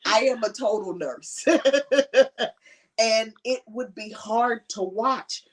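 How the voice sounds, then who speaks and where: A woman's voice: on the high side, slow, breathy edge. Emotional woman, slightly distant mic. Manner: earnest and emotional, often laughs. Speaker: conference panelist. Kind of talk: personal testimony at a panel.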